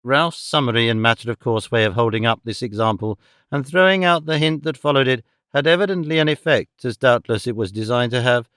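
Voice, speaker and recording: A man's voice: medium pitch, fairly bright tone, smooth, dry recording. Man narrating a classic novel, dry and close. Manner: measured, formal storytelling delivery. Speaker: audiobook narrator.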